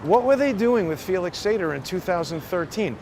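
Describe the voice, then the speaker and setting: A man's voice: sits high, animated, brisk. A man hosting a vlog, talking in a casual, musing way with restarts as he walks outdoors on a city street. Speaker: vlog host. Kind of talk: casual walking monologue. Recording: loud street traffic noise.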